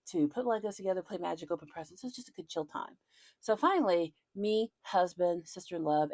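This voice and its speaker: A middle-aged woman with a low, animated voice hosts her own card game channel. She chats and rambles between packs, slipping in casual slang. The sound is close and dry. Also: no room sound. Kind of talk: casual chat while opening card packs.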